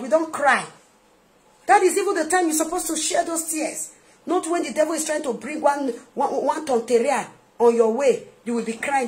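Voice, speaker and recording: A female minister with a Nigerian accent and a fairly high voice delivers a forceful, sermon-like video message. She repeats her points and alternates between quiet asides and loud outbursts.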